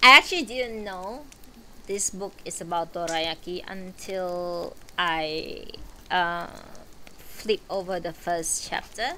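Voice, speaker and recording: A woman streaming a book reading, chatting in a relaxed, rambling way between chapters. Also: fairly low pitch, slow, a little hiss or hum. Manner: relaxed, chatty and rambling, with frequent fillers and asides. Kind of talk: book reading and casual chat.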